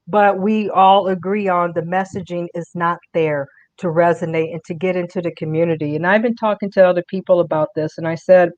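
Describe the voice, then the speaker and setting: A woman's voice: lowish voice, fairly even intonation, a little fast, hardly any pauses, darkish tone, dry recording. A woman guest on a political podcast, talking earnestly in casual conversation and often repeating words as she restarts. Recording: muffled dry audio.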